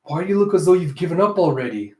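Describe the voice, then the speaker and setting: Man putting on a regal young queen, pitched up, urgent, roomy echo. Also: expressive, quick pace, mellow, lightly acted. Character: regal young queen, commanding yet kind.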